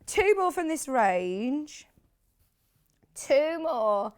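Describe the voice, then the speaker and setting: A woman's voice: high voice, sing-song, very slow. A British woman hosting a live TV shopping show, chatty and rambling, with lots of asides. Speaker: shopping channel host.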